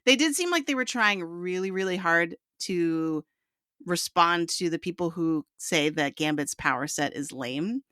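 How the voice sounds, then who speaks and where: Bright, forward voice, dry close mic; lively co-host who laughs and jumps in. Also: mid-range voice, no room sound. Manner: laughs often, lively and quick to interject. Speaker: film podcast co-host. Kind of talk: casual film review chat.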